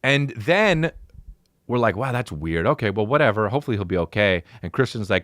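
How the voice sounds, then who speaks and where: Profane, lively male comic storyteller. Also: lowish voice, quick pace, no echo, clean studio sound. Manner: profane, animated storyteller who acts out others' voices. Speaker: podcast host. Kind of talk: comedic storytelling.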